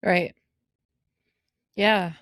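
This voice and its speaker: A woman co-hosting a podcast, guiding the conversation in a measured way and recapping earlier episodes. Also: on the low side, steady tone, a bit bright, no room sound, studio quality. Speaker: podcast co-host. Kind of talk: candid personal conversation.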